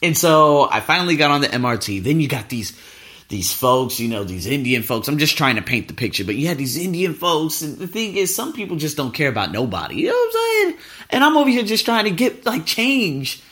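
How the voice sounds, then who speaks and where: A man's voice: on the high side, very animated, brisk, a bit bright. A man hosting a podcast, telling a travel story in a casual, profane, ranting way. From United States. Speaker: podcast host.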